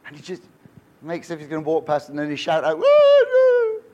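Male pastor, high voice, joking sermon, rhetorical questions, storytelling. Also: level tone, fast talker, a little mellow, highs cut off. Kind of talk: humorous sermon.

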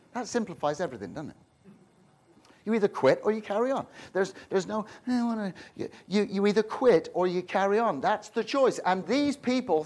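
A male pastor delivering a sermon, his voice sitting notably high for a man. He preaches in an animated, chatty way, stumbling over repeated words and breaking into laughter between points. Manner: animated, conversational preaching with frequent repetitions and laughs.

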